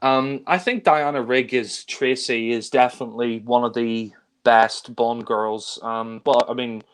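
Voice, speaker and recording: An unhurried man with a clear, resonant, middle-pitched voice rambles easily about films he clearly loves. His intonation is fairly even, and he sounds like a co-host chatting casually with friends.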